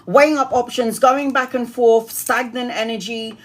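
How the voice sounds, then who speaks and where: A woman's voice: fairly high pitch, steady tone. Chatty, blunt woman reading tarot live. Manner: chatty and blunt, swears casually, lists card meanings rapidly. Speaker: tarot reader.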